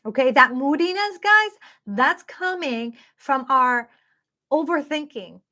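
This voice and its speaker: A woman's voice: sits high, animated, slow, bright, forceful tone. A woman giving a live-streamed tarot reading in a chatty, upbeat way, talking straight to her viewers. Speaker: tarot card reader.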